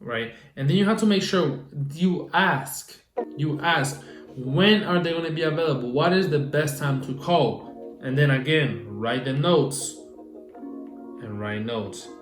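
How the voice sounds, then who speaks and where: A young man coaching on social media marketing in a casual advice vlog, animated and repetitive, acting out phone calls. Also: fairly high pitch, unhurried, echoey room, faint music behind. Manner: animated, repeats himself, acts out phone calls.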